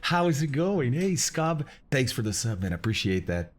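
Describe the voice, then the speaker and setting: A man's voice: medium pitch, big pitch swings, normal speed. A middle-aged man from Brazil hosting a live stream, greeting chat members one by one in a casual way. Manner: greets chat members one by one, hushed at times to keep quiet. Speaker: streamer host.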